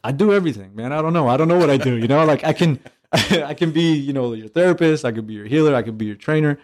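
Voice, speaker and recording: A man who is a catching coach and trainer, chatting casually on a podcast and telling stories with lively acted-out dialogue and easy swearing. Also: on the high side, fast. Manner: animated storyteller, acts out dialogue, swears casually.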